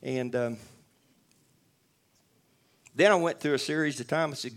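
Speaking at a measured pace with frequent pauses, a medium-pitched man delivers his church testimony. He's earnest and rambling, restarting many times and turning to the audience with asides.

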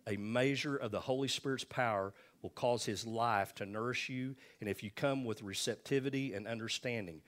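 A man's voice: mid-range voice, normal speed, hardly any pauses, fairly bright tone. An older man, a pastor, preaching a sermon in a conversational, folksy way, repeating lines for emphasis.

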